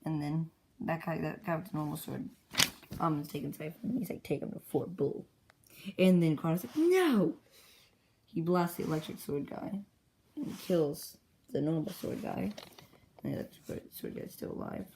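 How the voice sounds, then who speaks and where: A woman excitedly retelling the story of her own comic journal in a rambling, casual way, jumping into brief character voices. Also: deep voice, normal speed, gravelly, background noise.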